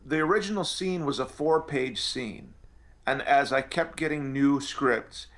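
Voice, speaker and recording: A man's voice: medium pitch, measured pace, a bit bright. Rambling male actor telling stories. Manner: rambling, with many restarts and fillers. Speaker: actor guest. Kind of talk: anecdotal interview storytelling.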